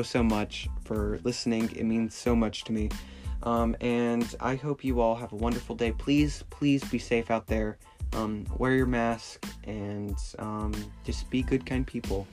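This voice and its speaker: A young man hosting a casual solo podcast, rambling and apologetic, with many restarts. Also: on the low side. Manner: rambling, self-deprecating, with fillers and restarts. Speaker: podcast host.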